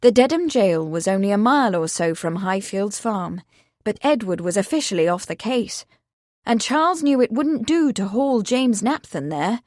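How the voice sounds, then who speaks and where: A woman's voice: medium pitch, lively intonation, moderate pace, darkish tone, no room sound. Woman narrating a mystery audiobook, dry. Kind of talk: scripted narration.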